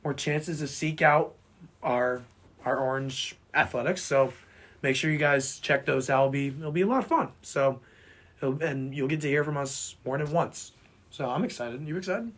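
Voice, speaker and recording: A man co-hosting a casual sports podcast who has lost his voice and sounds hoarse and boyish, rambling and repeating himself as he talks sports. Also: medium pitch, normal speed, a bit bright. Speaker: podcast co-host.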